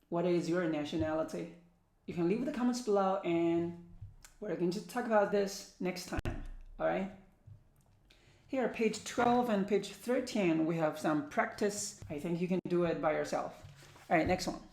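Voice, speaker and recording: Woman going thru english vocab lists real slow, echoey room. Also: fairly low pitch, creaky, darkish tone. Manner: slow, careful word-by-word reading. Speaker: English teacher. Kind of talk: vocabulary lesson, reading word lists aloud.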